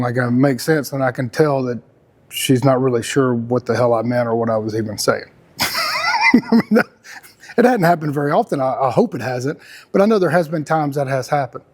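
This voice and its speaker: A middle-aged Texan man hosts a podcast, speaking casually and earnestly in a slightly high voice with a darkish tone. His conversational talk rambles and is emphatic, with frequent restarts.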